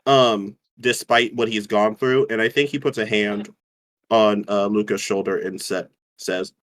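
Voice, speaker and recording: A man playing a tabletop game, describing his character thoughtfully with many pauses and fillers. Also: fairly low pitch, steady tone, fairly bright tone. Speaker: player.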